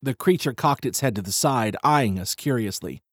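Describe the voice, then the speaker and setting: A man reading a first-person story aloud in a measured, wry way. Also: mid-range voice, expressive, slightly rough, dry recording, clean studio sound. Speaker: audiobook narrator. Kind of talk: first-person audiobook narration.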